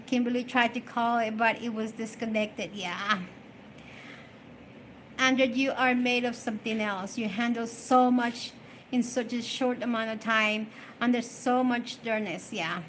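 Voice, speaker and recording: A woman's voice: a little high, a little hiss or hum. A middle-aged woman chatting casually on a live stream, emotional and rambling as she answers viewer comments.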